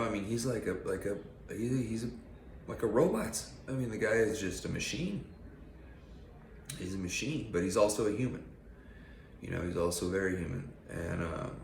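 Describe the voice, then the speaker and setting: A man's voice: deep voice, creaky, echoey room, slight background noise. A man giving a casual, blunt and profane motivational rant on his channel. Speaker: vlogger.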